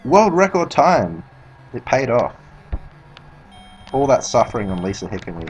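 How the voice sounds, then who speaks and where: A man's voice: medium pitch, sing-song, a little slow, faint music behind, rough recording. Rambling, cursing Australian man. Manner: rambling, swears a lot, laughs at himself. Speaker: speedrunner streaming. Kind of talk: casual commentary while playing.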